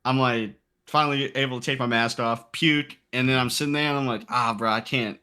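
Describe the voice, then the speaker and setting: A man in his late twenties telling a story in casual podcast chat, animated and acting out the quotes. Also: medium pitch, a little fast, clear, resonant tone. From Texas. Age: late 20s. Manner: animated, acts out quotes in character. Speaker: podcast guest.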